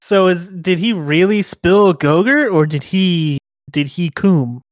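Brief: male co-host, giggly and incredulous, halting delivery, dry sound. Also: sits high, expressive, dry recording. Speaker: podcast co-host. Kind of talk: crude comedic podcast chat.

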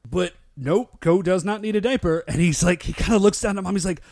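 A male podcast co-host in a casual recap chat, excitable and full of "like" fillers. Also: high voice, brisk, dry recording, clean studio sound. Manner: excitable, filler-heavy with lots of "like".

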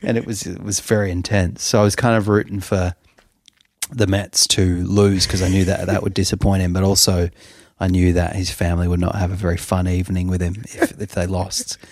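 A man's voice: low-pitched, little pitch movement, a little fast, a little mellow, dry recording, studio quality. A man from Australia, co-hosting a podcast and telling anecdotes in a chatty, self-interrupting way. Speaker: podcast co-host. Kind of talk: casual chat.

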